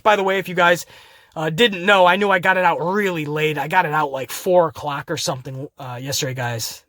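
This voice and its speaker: A man hosting a wrestling recap podcast, talking in an animated, profane way, laughing often and calling his listeners guys. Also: on the high side, no echo, studio quality. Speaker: podcast host.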